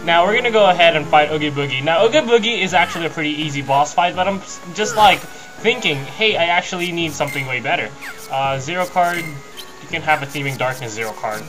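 A man's voice: a little high, animated, brisk, rough recording. A young man casually commenting on his gameplay as a let's play host, rambling and easygoing. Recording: game music behind the voice. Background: video game music.

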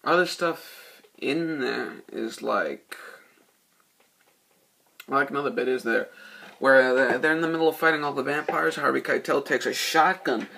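A young man reviews a film in an unhurried, gravelly, medium-pitched voice, rambling casually, cursing often and losing track of what he was saying. Now and then he shouts out movie quotes in loud, exaggerated voices.

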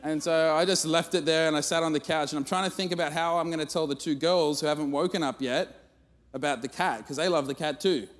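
A man preaching at church, telling a funny family story in an animated, self-mocking way. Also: on the high side, a little fast. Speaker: guest speaker. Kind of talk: storytelling sermon. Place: church auditorium. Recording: long reverb of a church hall.

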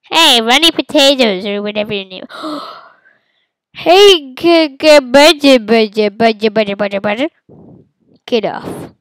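A woman giving silly, playful commentary while playing a game, with sudden loud outbursts. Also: fairly high pitch, expressive, slow pace, pauses often, no echo, low-quality recording. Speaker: gamer. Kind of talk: casual let's-play commentary.

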